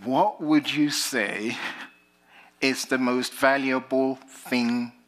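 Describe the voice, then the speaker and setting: Bright-voiced British man preaching. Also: mid-range voice, slow. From Britain. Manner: animated storytelling, rising to emphatic lines then dropping soft. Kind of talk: sermon.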